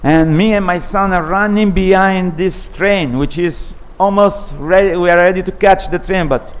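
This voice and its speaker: A man's voice: sits high, normal speed, smooth. A man giving a scripture class, telling a personal story in a conversational way. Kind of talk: sermon with a personal anecdote.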